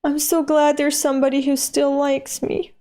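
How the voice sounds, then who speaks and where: A woman's voice: high voice, level tone, normal speed, dark tone, pitched above the performer's own voice, close to an everyday voice. A woman voicing a stunned, love-starved boy.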